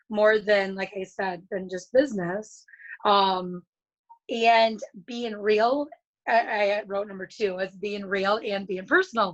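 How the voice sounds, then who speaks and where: An earnest, chatty woman giving a casual motivational talk as a guest speaker over a video call, with lots of fillers and restarts. Her voice sits a little high. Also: a bit bright, muffled recording.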